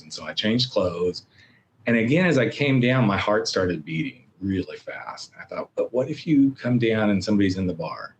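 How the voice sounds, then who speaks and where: A middle-aged man as a podcast guest, telling a personal story in an animated way and acting out his own inner voices. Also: deep voice, slight background noise.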